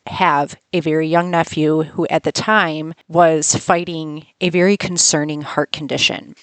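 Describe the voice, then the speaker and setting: A woman's voice: deep voice, dry recording. A woman hosting a podcast, telling a personal story in a frank, conversational way and reading text messages aloud. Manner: frank, conversational, swears freely. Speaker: podcast host.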